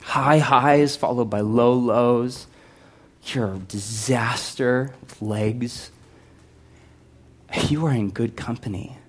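A man preaching a sermon, conversational and animated, swinging from loud to hushed with humorous asides. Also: medium pitch, slightly rough. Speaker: pastor.

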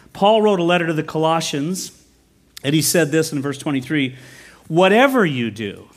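A middle-aged man preaching a sermon as pastor, telling stories with quick asides and self-corrections. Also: a little high. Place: church.

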